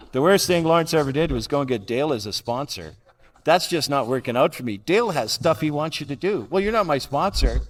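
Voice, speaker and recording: A man's voice: on the high side, lively intonation, normal speed. Wry older man in a reverberant hall. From Canada. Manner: blunt, wry self-mocking humor. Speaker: recovery meeting speaker. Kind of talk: personal recovery talk. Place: large convention hall. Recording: hall reverb from a live talk.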